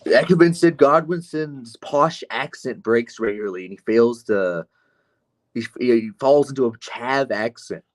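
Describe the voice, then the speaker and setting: A man's voice: medium pitch, measured pace. A man streaming live, reading chat comments aloud and answering them with sardonic, profane mockery. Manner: sardonic, mocking, profane asides.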